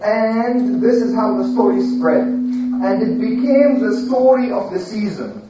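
Slow, animated woman teacher telling a story. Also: mid-range voice, a little hiss or hum. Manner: animated, asks the class questions. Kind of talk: storytelling lesson to children. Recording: echoey room, distant, dull.

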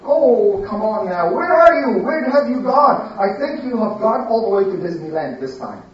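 An adult telling a religious story to a child, slowly, asking the listener questions along the way, recorded far from the mic in an echoey room. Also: mid-range voice, lo-fi sound. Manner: slow, lively, questioning the listener.

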